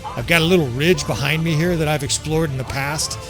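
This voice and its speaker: A man's voice: on the high side, brisk, over music. A man giving casual strategy game commentary, joking and swearing as he plays, chuckling often. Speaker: gameplay commentator.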